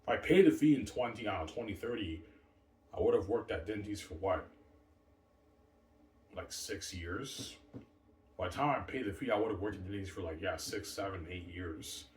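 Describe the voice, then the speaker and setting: A man's voice: low-pitched, moderate pace, pauses often, slight background noise. A middle-aged man talking in a rambling, repetitive monologue, circling back to the same points and tossing in "man" often. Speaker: vlogger. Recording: roomy echo from a distant mic.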